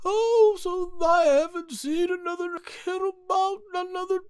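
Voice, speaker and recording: A shrill ancient sinister old being. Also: male voice, fairly even intonation, measured pace, no room sound, studio quality. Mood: wondering. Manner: high strained put-on voice turning ominous. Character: ancient sinister male being, high and creaky.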